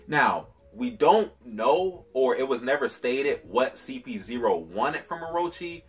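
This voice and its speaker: A man with a husky voice reviewing anime chapters in a casual vlog, animated, slangy and profane. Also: mid-range voice, a little slow, hardly any pauses, soft background music.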